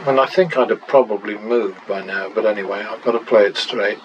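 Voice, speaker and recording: A man's voice: lowish voice, steady tone, a little fast, highs cut off, slight background noise. A man and channel host talking through practice casino betting, muttering running tallies with wry exclamations.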